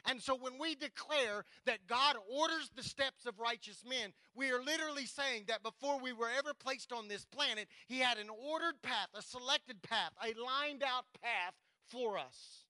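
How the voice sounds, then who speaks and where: A man, the church pastor, preaching a sermon, reading scripture slowly and with emphasis and talking straight to the congregation. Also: very high voice, pushed and bright, dry recording, poor audio.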